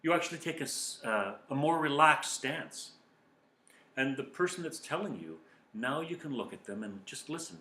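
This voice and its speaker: A man giving calm, earnest self-help advice as a coach speaking to viewers. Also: medium pitch, moderate pace. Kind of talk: motivational talk to viewers. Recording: echoey room.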